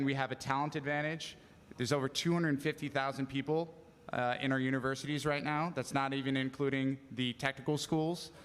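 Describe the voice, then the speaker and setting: A man's voice: mid-range voice, a bit bright, clear, resonant tone. A man on a panel answering an audience question in a concise way, laying out facts and figures. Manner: concise, fact-driven. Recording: long hall reverb.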